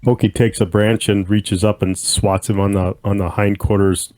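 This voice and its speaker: A man's voice: lowish voice, level tone, moderate pace, a little mellow, no room sound. A man playing a tabletop game, narrating his character's actions in the third person, matter-of-fact. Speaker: player.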